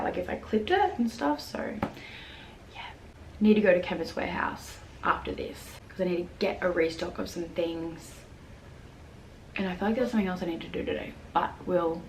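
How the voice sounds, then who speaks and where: A woman's voice: on the low side, expressive, fairly quick. A young woman vlogging casually, telling a story with lots of "like" fillers and acted-out quotes. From Australia. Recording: echoey room with faint background noise.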